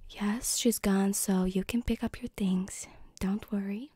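A woman voicing a kind middle-aged mother of the listener's ex in a whispered role-play, gentle and hesitant. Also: mid-range voice, fairly even intonation, unhurried, breathy edge, no echo.

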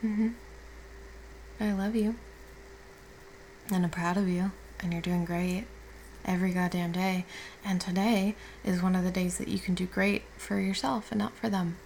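A woman playing a caring girlfriend who has just woken up, speaking softly and reassuringly with casual swearing in an audio role-play. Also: fairly low pitch, steady tone, measured pace, gravelly, pauses often, a little hiss or hum, poor audio. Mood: tender. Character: affectionate young woman, the listener's caring girlfriend.

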